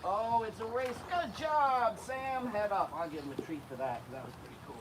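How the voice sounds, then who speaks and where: Man, animal keeper vlog, lively up-and-down voice, slightly high, noisy outdoor recording. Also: a little fast. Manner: animated, calls animals in a coaxing voice. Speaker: alligator keeper and channel host. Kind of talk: casual vlog talk while feeding animals. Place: outdoors at alligator pens, windy.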